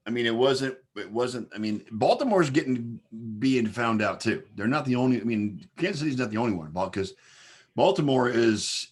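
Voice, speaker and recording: A man with a fairly low voice hosts a relaxed sports podcast. He works through scores and player numbers out loud, padding them with fillers and restarts as he goes. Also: slightly rough. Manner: rattles off game stats with many fillers. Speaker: podcast host. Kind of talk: casual sports podcast chat.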